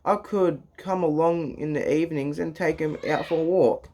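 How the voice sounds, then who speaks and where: A man voicing a gentle, eager female wallaby who pleads softly in a storybook read-aloud. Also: on the high side, steady tone, normal speed. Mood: pleading. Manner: soft, pleading.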